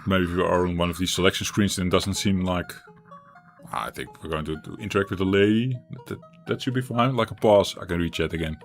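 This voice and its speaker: A man's voice: sits low, a little fast, soft background music. A man streaming a retro game, thinking aloud and rambling with frequent restarts. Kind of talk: live-stream gameplay chat.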